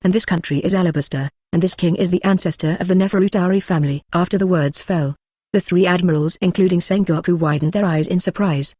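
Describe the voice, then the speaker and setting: A mid-pitched synthetic-sounding narrator reads a fan-fiction audiobook in a steady, even delivery. It reads punctuation marks aloud as words. The sound is dry, with no room around it. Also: dry recording.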